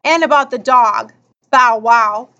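A woman reading a children's story aloud in an expressive storytelling style. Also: fairly high pitch, slow pace. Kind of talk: children's book read aloud. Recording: slightly muffled recording.

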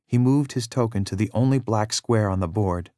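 Casting: male storybook narrator, low and measured, dry close-miked sound. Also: mellow, no room sound.

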